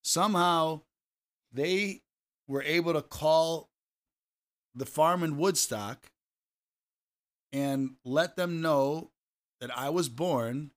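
A man with a Chicago accent, co-hosting a podcast, telling family stories in a lively, joking way. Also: on the high side, slow, pauses often. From Chicago area. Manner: animated storyteller, jokey. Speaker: podcast co-host. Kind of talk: casual chat.

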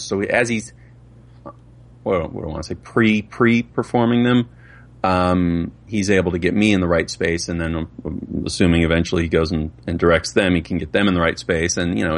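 A man, a father and voice actor, chatting in a casual interview and laughing often. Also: sits low. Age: adult with children. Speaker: voice actor guest.

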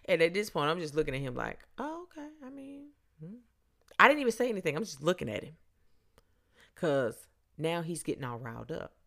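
A woman's voice: low-pitched, animated, fast, a bit bright. A woman hosting a podcast, telling a story in a blunt, sarcastic, dry way. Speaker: podcast host. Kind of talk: casual storytelling.

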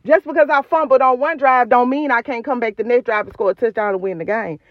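A woman's voice: on the high side, fast, no room sound, highs cut off. A woman hosting a podcast, giving an emphatic, repetitive, preacherly motivational talk recorded on her phone. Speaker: podcast host.

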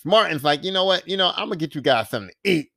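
A man hosting a podcast, casually recapping a TV series in a profane, animated storytelling manner, acting out the characters' lines. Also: on the high side, rapid-fire, vocal fry, no room sound, studio quality. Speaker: podcast host.

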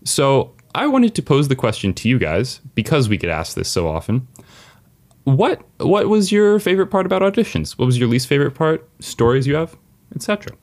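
A man's voice: medium pitch, sing-song, brisk, a little mellow. A man hosting a casual podcast chat, upbeat and joking as he leads the questions. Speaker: podcast host.

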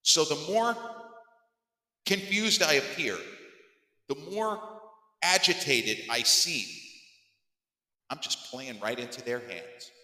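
Animated man telling a story, echoey room. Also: slow, long pauses. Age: around 50. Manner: animated, emphatic, voice climbing high when acting exasperated. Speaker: podcast host. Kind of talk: storytelling monologue. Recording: echoey room with long reverb.

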